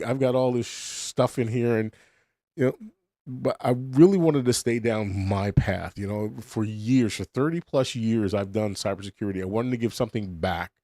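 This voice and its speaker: A man's voice: mid-range voice, warm tone, no echo, studio quality. A middle-aged man hosting a podcast, rambling bluntly through a casual monologue full of restarts and swearing. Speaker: podcast host.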